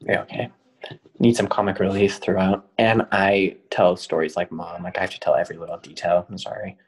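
A man's voice: low-pitched, level tone, brisk, slightly rough, low-quality recording. A young man telling a long personal story in earnest detail on a podcast, full of fillers. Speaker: guest.

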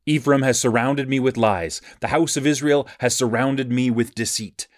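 A man reads scripture aloud in an even, measured cadence, with a middle-pitched voice. The recording is dry and close, with no room sound around him. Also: dry recording. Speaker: scripture reader. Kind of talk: scripted Bible reading.

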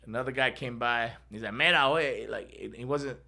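Middle-aged male podcast host, gravelly and bright, casual storyteller who laughs and acts out other voices. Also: medium pitch, steady tone, brisk.

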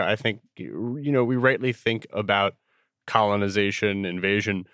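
A man's voice: fairly low pitch, a bit bright, dry recording, studio quality. A man co-hosting a podcast who jumps in to think an idea through aloud, in a casual, reflective way. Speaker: podcast co-host. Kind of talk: casual discussion.

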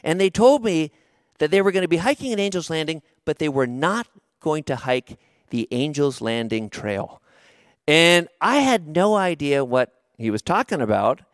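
A middle-aged man preaching a sermon, telling a story in a conversational, expressive way and slowing down for emphasis. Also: a little high, no room sound, clean studio sound. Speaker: pastor.

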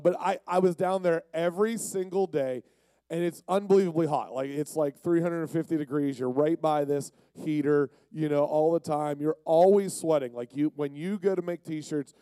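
A man's voice: a little high, dark tone, smooth, dry recording. A man from Pennsylvania giving a casual, jokey, rambling storytelling sermon. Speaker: youth speaker.

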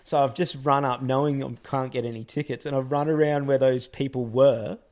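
A man spins a yarn in relaxed conversation, bursting into the voices of the people in his tale. His voice sits in a middle register. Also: mid-range voice, fairly quick. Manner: animated, acts out quoted voices. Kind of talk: casual storytelling chat.

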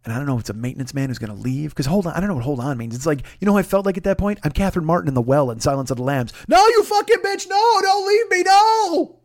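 A podcast host, a man, telling a comic personal story in a profane, animated way, dropping to a hush for re-enactments and rising in exasperation. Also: mid-range voice, very fast, hardly any pauses, no echo, clean studio sound. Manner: profane, animated, swings between hushed re-enactment and loud exasperation.

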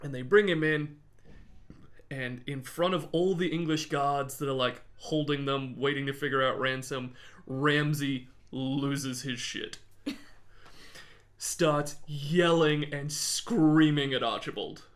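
A man's voice: mid-range voice, fairly even intonation, slow, fairly bright tone. A man co-hosting a podcast, telling a history story in a casual, jokey way and laughing often.

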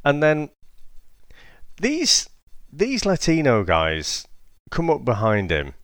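A man co-hosting a podcast, retelling film scenes casually as an animated storyteller who laughs at his own jokes. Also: on the high side, slow, no room sound, clean studio sound. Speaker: podcast co-host. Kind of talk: casual film review chat.

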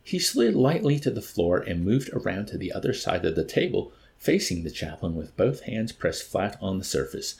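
A man reading a novel aloud as an audiobook narrator, measured and expressive. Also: sits low, vocal fry. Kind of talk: scripted narration.

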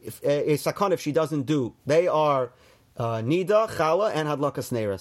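Man, slightly higher voice, Torah teacher, reads verses and explains, casual fillers. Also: animated, normal speed. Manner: reads Hebrew verses then translates and explains; conversational, with fillers and restarts. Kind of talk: text study class.

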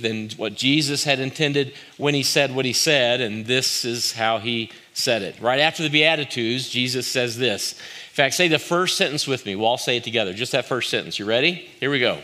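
A man preaching as a church pastor, earnest and conversational, pausing with fillers and inviting the congregation to speak along. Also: mid-range voice, bright, forceful tone. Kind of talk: sermon with prayer.

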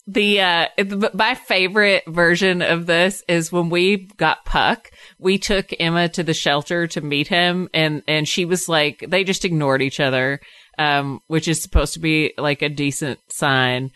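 A woman co-hosting a casual podcast, easygoing and quick to laugh. Her voice is notably low for a woman, and the recording is dry and close. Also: steady tone, a bit bright, dry recording. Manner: laughs often, easygoing and conversational. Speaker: podcast co-host. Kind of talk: casual chat.

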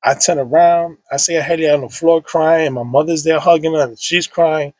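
Husky man telling a painful story. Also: on the high side, fairly even intonation, moderate pace, no room sound. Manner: casual, heavy slang, many restarts and fillers. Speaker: podcast guest. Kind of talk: emotional personal storytelling.

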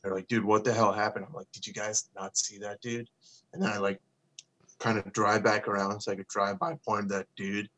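Low, flat-voiced young man telling stories. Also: normal speed. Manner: laid-back, swears freely, acts out quotes. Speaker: podcast co-host. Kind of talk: casual storytelling chat.

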